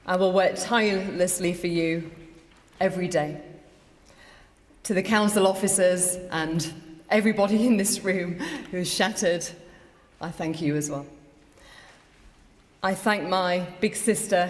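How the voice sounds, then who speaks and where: A middle-aged woman gives a rallying victory speech in a low-pitched voice. She makes emphatic declarations into a lectern microphone. Her words ring out with a long reverb through a large count hall. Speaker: newly elected mayor. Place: election count hall, indoors.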